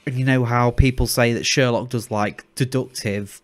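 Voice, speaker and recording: A man's voice: medium pitch, steady tone, normal speed. A young man, co-hosting a casual chat podcast and rambling with many restarts. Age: young adult. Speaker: podcast co-host.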